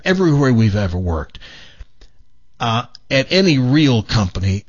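A man hosting a radio show in the studio, telling stories in a rambling, animated way with lots of restarts. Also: mid-range voice, slightly rough, muffled recording. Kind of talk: casual morning show banter.

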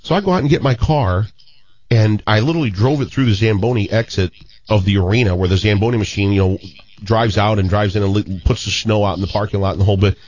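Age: 50s. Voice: low-pitched man, storytelling. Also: quick pace, dull audio. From St. Louis, Missouri. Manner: animated storyteller, frequent restarts. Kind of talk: casual storytelling.

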